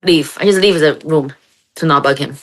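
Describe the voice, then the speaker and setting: Female guest, lower voice, rambling, animated storyteller. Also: moderate pace, a loud crowd. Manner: animated, rambling, laughs while talking. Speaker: guest psychic. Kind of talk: casual chat.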